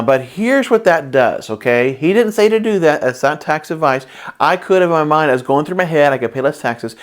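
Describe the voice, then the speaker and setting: A middle-aged man hosting a talk on a business book, telling personal stories in a rambling, earnest way with many fillers. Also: mid-range voice. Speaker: channel host discussing a business book.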